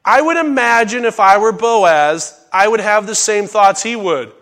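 A middle-aged man preaching a conversational Bible sermon, with folksy asides and sudden loud bursts when he acts out lines. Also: high voice, a little slow. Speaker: pastor teaching a Bible study.

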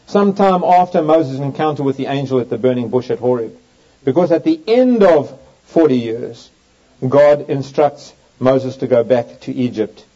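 This dull lo-fi clip captures a man with a warm, mid-range voice giving a Bible teaching sermon. He reads scripture with emphasis and swooping inflection, in a lecture setting with an overhead projector going.

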